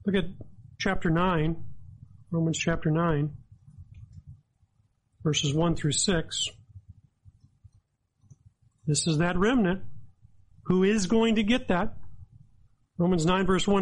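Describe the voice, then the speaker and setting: A man with a high voice preaches a sermon. He talks with earnest emphasis and reads scripture aloud as he explains it verse by verse. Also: steady tone, takes it slowly, pauses often, poor audio. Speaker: pastor.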